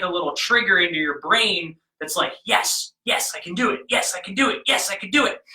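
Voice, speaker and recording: A man's voice: high voice, pushed and bright, echoey room, poor audio. A man leading a drumming lesson, talking learners through patterns and counting the beats aloud in an encouraging way. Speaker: drumming instructor.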